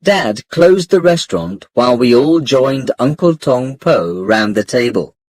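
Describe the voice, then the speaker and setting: Male narrator for learner audiobook, slow, lively pitch, breathy, dry booth sound. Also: slight background noise. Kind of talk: scripted narration of a graded reader.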